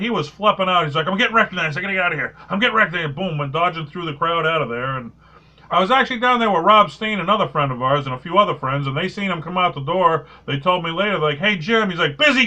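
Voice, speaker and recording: Bright-voiced, animated male podcast host. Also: fairly high pitch, dull audio. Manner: animated storyteller, reads listener comments. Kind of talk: casual podcast chat.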